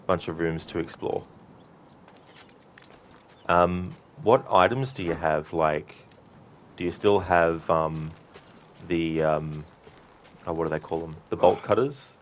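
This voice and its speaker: A man's voice: low voice, slow pace, long pauses, slight background noise. A young man streaming a game, chatting casually with viewers in a rambling way, with lots of ums. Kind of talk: casual live-stream gameplay chat.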